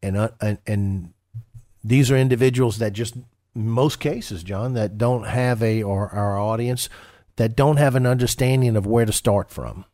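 A man's voice: on the low side, measured pace, warm tone, no echo, clean studio sound. A man co-hosting a retirement-planning radio show as a financial advisor, talking casually with many restarts and fillers.

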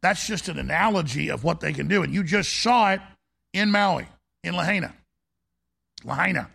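A man hosts a talk show in an intense, conspiratorial rant. His voice is gravelly and pitched high, and he pushes each point hard. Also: moderate pace, a bit bright. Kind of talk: ranting monologue.

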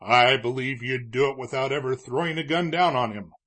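A man's voice: medium pitch, measured pace, natural voice. A man voicing an elderly, shrewd town judge who speaks in an earnest, pleading way. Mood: urging. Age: older.

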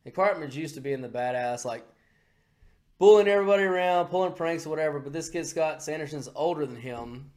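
Male podcast host, slightly high pitch, crude and excitable, loose rambling delivery. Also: a little fast. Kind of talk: casual political chat.

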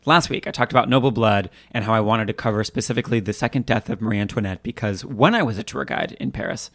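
A woman co-hosting a podcast in casual chat, animated and playful, laughing often. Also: extremely low pitch, fast, no echo, clean studio sound. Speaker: podcast co-host.

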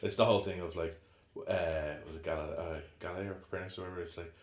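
A man with a deep, low voice chats casually as a podcast co-host. He rambles and restarts often, getting animated when he retells scenes. The sound is roomy and echoey. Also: fast talker. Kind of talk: casual chat. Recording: echoey room.

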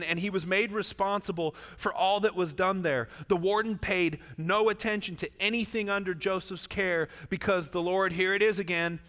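A man preaching a sermon, his voice bright and a little high. He keeps it lively and joking, turning aside to the congregation. The church hall rings with a long reverb behind him. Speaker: pastor.

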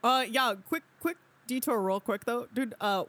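A man's voice: very high voice, normal speed, bright, forceful tone. A man playing a laid-back party bro who drawls and says "dude" all the time.

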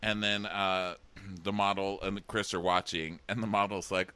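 A man's voice: low voice, little pitch movement, unhurried, sharp tone, clean tone. A man co-hosting a casual podcast, gossiping snarkily about a dating show with crude jokes. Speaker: podcast co-host. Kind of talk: casual chat recapping a reality dating show.

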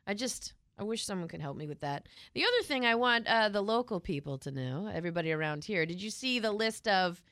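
A woman's voice: medium pitch, expressive, a little fast, hardly any pauses, fairly bright tone, no echo. Chatty radio co-host woman, dry studio sound. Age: middle-aged. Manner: chatty, reads headlines. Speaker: radio morning show co-host and newsreader. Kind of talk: casual radio banter. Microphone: studio microphone.

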